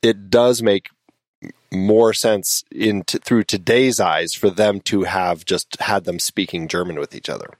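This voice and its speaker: Male podcast host, low-voiced, leads the conversation, dry mic. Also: measured pace, no room sound. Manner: asks questions, steers the talk. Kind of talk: casual film discussion.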